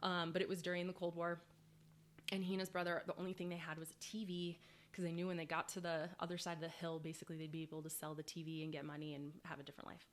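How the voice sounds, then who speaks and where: A young woman with a slightly low voice chats casually on a podcast. She tells stories in a loose, rambling way and breaks into laughter often. She speaks as a high school English teacher talking shop. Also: little pitch movement, fast talker. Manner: chatty storyteller, laughs often.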